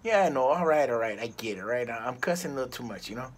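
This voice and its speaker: A man's voice: mid-range voice, expressive, fast, a little hiss or hum. A middle-aged man reviewing a cigar in a casual vlog, rambling and ranting with plenty of profanity.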